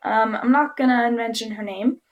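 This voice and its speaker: In a recording with the highs cut off, a woman vlogger with a slightly high voice tells a story at a moderate pace. Her manner is chatty and giggly, and she acts out people's lines with animation.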